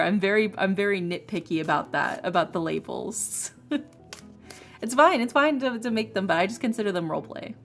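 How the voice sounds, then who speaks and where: Chatty, opinionated woman streamer. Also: on the low side. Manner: animated, opinionated, laughs often, emphatic. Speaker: streamer, ASMR creator. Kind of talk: casual chat on a livestream. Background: faint lofi music.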